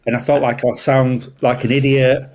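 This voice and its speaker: A man with a Yorkshire accent, a traffic police officer telling a story in casual chat, animated and swearing freely. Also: medium pitch, moderate pace. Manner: animated, swears freely, acts out voices in anecdotes.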